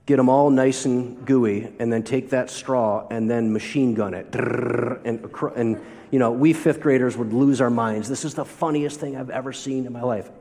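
A man's voice: medium pitch, fairly even intonation, normal speed, warm tone. Male pastor preaching in a reverberant hall. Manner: storytelling with rhetorical questions. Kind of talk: sermon. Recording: long reverb of a large hall.

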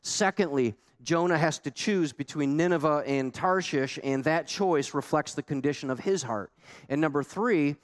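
A man preaching a sermon as pastor, emphatic and conversational, with many rhetorical questions to the congregation. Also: fairly high pitch.

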